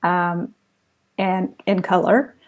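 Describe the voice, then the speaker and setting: A woman's voice: fairly low pitch, slow pace, lo-fi sound. A woman guest telling stories in a casual interview, laughing often as she goes. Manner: animated anecdotes, laughs often. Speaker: guest, photographer's estate heir.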